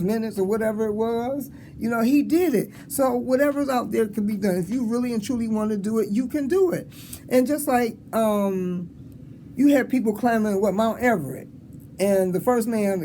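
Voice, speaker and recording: A man's voice: sits high, warm tone, a little hiss or hum. A man around sixty giving a casual, rambling motivational talk to students, acting out conversations and chuckling as he encourages them. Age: 60s. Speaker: motivational speaker. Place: school hall with an audience.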